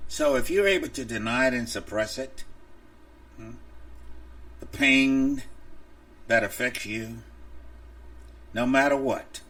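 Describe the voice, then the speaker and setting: A male preacher gives an impassioned, openly angry podcast sermon in a slow, deliberate cadence. His gravelly voice swings widely up and down in pitch. He sounds set well back from the microphone. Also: a bit bright, distant mic.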